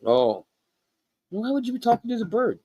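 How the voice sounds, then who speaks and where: A man's voice: very high voice, big pitch swings, moderate pace, mellow, husky, dull audio. A man chatting casually on a live stream, rambling and swearing while stoned. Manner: rambling, swearing, laid-back. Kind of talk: casual chat.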